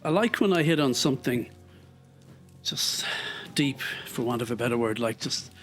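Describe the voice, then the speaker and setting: A man's voice: medium pitch, lively intonation, moderate pace, a bit bright, faint music behind. Rambling, reflective Irish man. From Ireland. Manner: reflective, rambling, with many fillers. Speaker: podcaster walking a treadmill. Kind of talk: casual thinking-aloud monologue.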